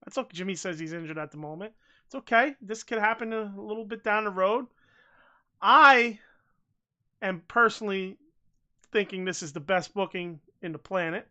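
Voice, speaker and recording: A man co-hosting a casual podcast, rambling and excitable, swearing freely and saying bro a lot. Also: high-pitched, moderate pace, muffled recording. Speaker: podcast co-host. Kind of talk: casual chat.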